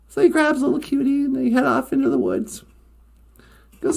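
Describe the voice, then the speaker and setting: A woman telling a story casually on a livestream, chatty and relaxed, often laughing as she goes. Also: sits high, moderate pace, vocal fry, husky.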